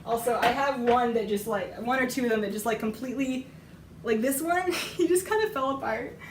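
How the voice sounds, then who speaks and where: A woman whose voice is going hoarse chats loosely on a live stream while baking in her roomy home kitchen, laughing often and rambling at a fairly quick pace. Her slightly high voice comes from well off an iPad mic, giving lo-fi, very noisy audio. Pans and cutlery clink behind her.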